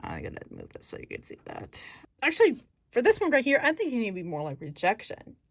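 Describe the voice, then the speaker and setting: A woman's voice: fairly high pitch, wildly swooping pitch, fairly quick, fairly bright tone, dry recording. A woman casually explaining her acting technique. She thinks aloud, searches for words and corrects herself as she goes. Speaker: acting student.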